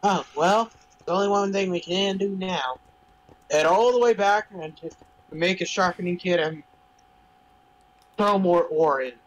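A man's voice: high-pitched, measured pace, long pauses, poor audio. A man hosting a game video, chatting and teasing his co-player casually. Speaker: let's play host. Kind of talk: casual gaming chat.

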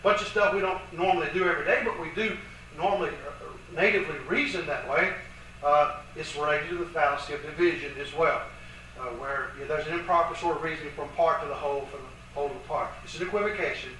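A man teaching a Bible lesson from charts, emphatic and slowing down to stress each quoted verse. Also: fairly high pitch, sharp tone, a little hiss or hum. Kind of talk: lecture with charts. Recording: echoey room from a distance.

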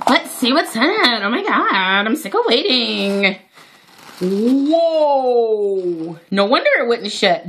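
An excitable woman with a voice set a little higher than most runs a casual unboxing vlog. She chats straight to her viewers in a friendly, gushing way as she goes through hair products. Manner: excitable, chatty, talks to viewers directly. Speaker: natural hair vlogger.

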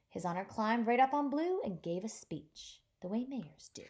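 A woman childcare teacher reading a picture book aloud to young children in an animated, sing-song way. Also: a little high, normal speed, hardly any pauses.

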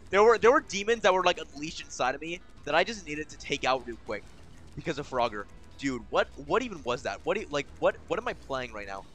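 A young man streaming a game, rambling in casual commentary, swearing often and swinging between exasperation and giddy excitement. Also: fairly high pitch.

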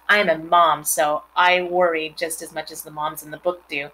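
A mother reading a storybook aloud and pausing to explain words and scenes to her listeners. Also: low voice, flat delivery, a bit bright, rough recording.

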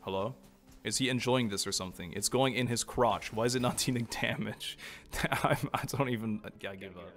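A man's voice: mid-range voice, moderate pace, a bit bright, soft background music. A man giving casual, chatty commentary on his gameplay, joking and laughing often. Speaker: gaming streamer.

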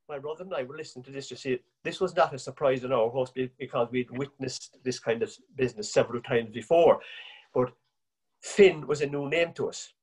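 A man with an Irish accent telling a folksy family anecdote at a relaxed, rambling pace. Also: mid-range voice, a little fast, slightly rough. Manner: relaxed, rambling yarn-spinning. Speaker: storyteller.

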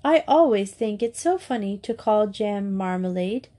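A woman voicing an impulsive, rude English schoolgirl with a quick temper and an indignant manner. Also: mid-range voice, expressive, warm tone, close to an everyday voice. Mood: chattering, excited.

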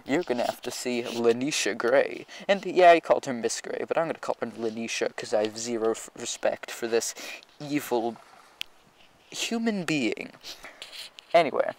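A teenage boy telling a school story in a sarcastic, meandering storytime rant. His voice sits at an ordinary mid pitch for a man, and he keeps circling back with filler words. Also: slight background noise, rough recording. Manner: rambling, sarcastic, keeps saying anyway. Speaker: vlogger.

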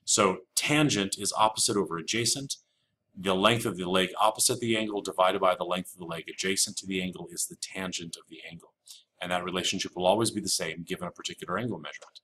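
A man's voice: deep voice, fast, pushed and bright, a little hiss or hum. A man teaching a recorded geometry lesson, explaining step by step and repeating the key rules with casual fillers. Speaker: math teacher. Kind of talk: recorded flipped-classroom lecture.

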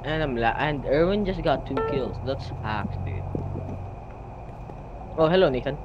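A young man gaming with friends, excitable and swearing often, laughing a lot. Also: mid-range voice, a little slow, dull audio, over music. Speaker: gamer recording a session with friends. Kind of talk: casual gaming banter. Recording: faint background noise.

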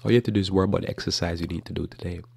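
A man's voice: low voice, steady tone, racing, gravelly, darkish tone, husky, no echo, clean studio sound. A man preaching a casual, earnest teaching sermon on a talk program, speaking conversationally and repeating his points.

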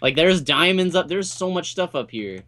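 An excitable young man chatting casually over his gameplay, cheering in quick bursts. His voice sits a little on the higher side. It is a casual gaming-channel recording.

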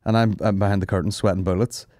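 A man's voice: lowish voice, fairly even intonation, quick pace, warm tone, dry recording, clean studio sound. A man hosting a comedy podcast, telling rambling, sweary stories, laughing and mimicking people. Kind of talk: casual storytelling chat.

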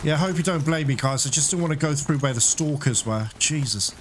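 A man giving casual commentary while playing a video game blind, excitable, swearing and laughing, yelping in panicked moments. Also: fairly high pitch, brisk, slight background noise. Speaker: gamer playing a blind let's play. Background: game music.

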